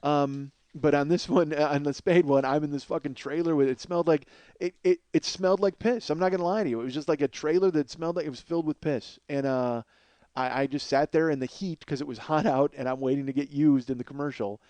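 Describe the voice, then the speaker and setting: A man telling a comic story as a podcast host, in a profane, excitable way and laughing through the story. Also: on the high side, fast talker, clean tone, dry recording.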